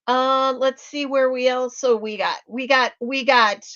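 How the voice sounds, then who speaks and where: A woman's voice: high voice, fairly even intonation, measured pace, a bit bright. A woman hosting a casual livestream, chatting and greeting viewers one by one with lots of ums. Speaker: livestream host. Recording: dull lo-fi livestream audio.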